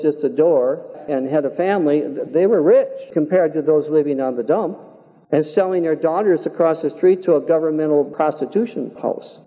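An older man delivers a sermon in an earnest, measured, folksy way. His voice sits a little high and sounds very mellow and relaxed. The recording is dull and muffled, and his voice carries a long reverb through the church hall. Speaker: preacher. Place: church sanctuary.

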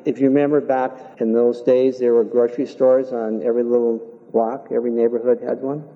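An older man preaching a sermon in a church, talking in an earnest, measured way and telling folksy stories. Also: mid-range voice, level tone. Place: church sanctuary. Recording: dull, reverberant church hall.

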